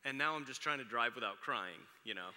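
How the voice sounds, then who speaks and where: A man's voice: mid-range voice, lively intonation, fairly quick, sharp tone. A man in his forties preaching a sermon, telling chatty, self-deprecating stories about his family. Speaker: pastor. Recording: long reverb of a large hall.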